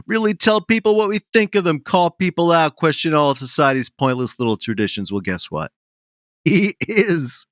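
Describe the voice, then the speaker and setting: A middle-aged man, a comedian guest, giving a bossy, rambling, mock-serious improv lecture with deadpan self-importance. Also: on the high side, moderate pace, no echo, studio quality.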